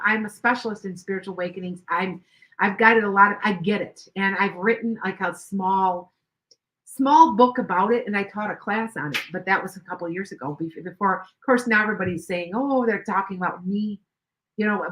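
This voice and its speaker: A woman's voice: medium pitch, fairly quick, fairly bright tone, rough recording. Chatty older woman rambling on a live stream. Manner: rambling, chatty, with many restarts and asides to viewers. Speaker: psychic reader and live stream host. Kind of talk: casual live stream chat.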